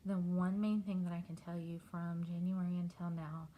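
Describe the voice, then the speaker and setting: A middle-aged woman from Texas, talking candidly and haltingly in a personal video diary. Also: on the low side, little pitch movement, mellow, a little hiss or hum, low-quality recording. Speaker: vlogger.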